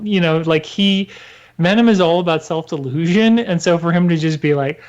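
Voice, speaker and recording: A man co-hosting a casual comics podcast, animated, laughing often and slipping into quick character voices. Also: on the high side, dull audio. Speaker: podcast co-host.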